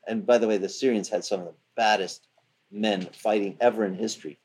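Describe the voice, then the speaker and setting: A man's voice: lowish voice, steady tone, brisk, a little mellow, slightly rough. A man preaching, retelling a scripture story in a loose, conversational way. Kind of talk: sermon.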